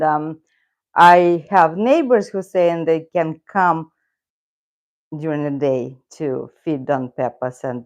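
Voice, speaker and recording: A woman's voice: on the low side, darkish tone. A middle-aged woman with a Russian accent, chatting casually and rambling on a live stream. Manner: rambling, talks to her cat and viewers. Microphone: loose clip-on mic.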